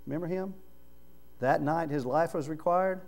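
A man preaching a sermon in a church, his voice sitting a little high for a man. He talks like he is chatting with the congregation, dropping to soft murmurs and then rising loud for emphasis. A faint electrical hum runs underneath. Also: normal speed, gravelly. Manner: conversational preaching, swings from low murmurs to loud raised emphasis. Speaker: pastor. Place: church sanctuary.

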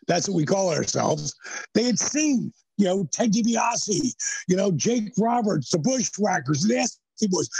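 Man, 60s, podcast guest storyteller; husky, higher-pitched, dry close sound. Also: no echo, low-quality recording. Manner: animated storyteller who slips into voices. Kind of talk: storytelling in casual interview.

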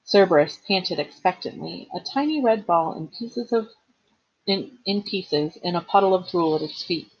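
A woman, a teacher, reading a novel aloud with expressive storytelling and the occasional slip and reread. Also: fairly low pitch, moderate pace, breathy edge, lo-fi sound.

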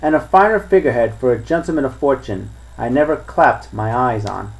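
A man reading the part of a crafty older male pirate who coaxes and lectures his crew in rough sea talk. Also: mid-range voice, lively intonation, fairly quick, rough recording. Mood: boastful.

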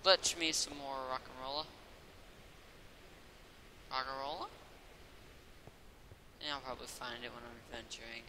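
A man giving rambling, excitable let's play commentary as a channel host, often apologizing to viewers. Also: mid-range voice, a little slow, pauses often. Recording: loud background noise.

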